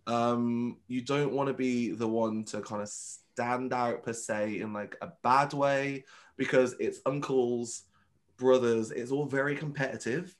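Campy drag performer, chatty. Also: male voice, mid-range voice, a little slow. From United Kingdom. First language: Vietnamese. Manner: animated, campy storyteller who acts out quotes. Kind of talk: casual interview chat.

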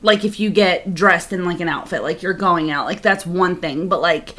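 A woman's voice: fairly low pitch, normal speed, a bit bright. A woman co-hosting a podcast in frank, casual chat, swearing freely and leaning on lots of fillers. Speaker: podcast co-host.

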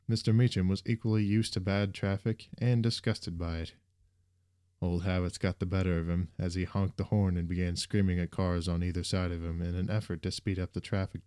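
A man narrating a story in a steady, even reading voice. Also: low-pitched, clean tone, dry recording, clean studio sound.

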